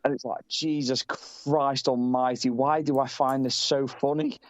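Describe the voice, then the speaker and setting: A man's voice: mid-range voice, fairly even intonation, measured pace, muffled recording. A British man chatting casually as a podcast co-host, rambling and swearing, often laughing. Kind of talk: casual chat.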